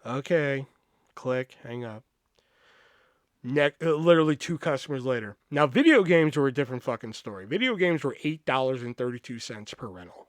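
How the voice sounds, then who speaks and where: Casual male storyteller, swears a lot, mid pitch, dry close sound. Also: normal speed, dry recording. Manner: profane, animated, acts out quoted voices. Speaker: podcast host.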